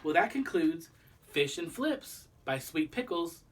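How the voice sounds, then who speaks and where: A man reading a children's book aloud, pausing to explain the lesson to young listeners. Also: a little high, sing-song, far from the mic. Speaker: storybook reader.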